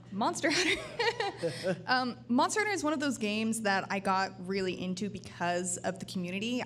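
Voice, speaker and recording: A woman's voice: medium pitch, slight background noise. A woman on a podcast panel, speaking earnestly and thoughtfully in casual chat.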